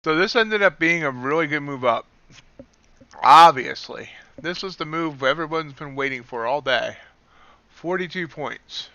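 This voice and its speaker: A man giving casual live commentary on the futures market as he trades, excitable and sometimes talking with his mouth full. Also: on the high side, a little slow, dry recording, lo-fi sound. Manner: excitable, eating while talking.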